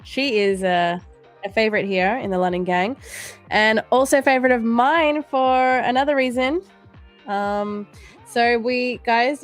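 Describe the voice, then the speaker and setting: Woman, livestream host, casual chat, reads chat aloud, jokey, laughs a lot, faint background music. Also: on the high side. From Australia. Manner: playful and jokey, laughs often.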